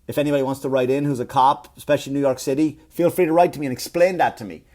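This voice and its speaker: A man's voice: mid-range voice, racing, darkish tone. A man, hosting a comedy podcast and telling a story as a rant, full of swearing and acted-out quotes. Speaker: podcast host.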